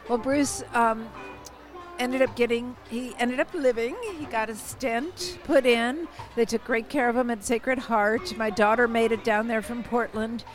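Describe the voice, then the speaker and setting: An older woman with a somewhat high voice recounts a personal story in an easy, conversational way. She pauses often with fillers and restarts her sentences. Music plays clearly behind her. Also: steady tone, low-quality recording.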